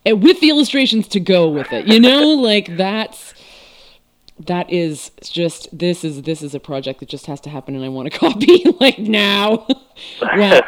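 Woman podcast host, gushing and giggly, casual interview chat. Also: medium pitch.

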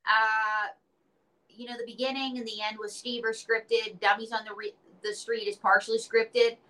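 A woman's voice: on the high side, little pitch movement, moderate pace, sharp tone, low-quality recording. A woman being interviewed, chatting casually and telling stories with playful acted quotes. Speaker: interview guest, entertainer and author.

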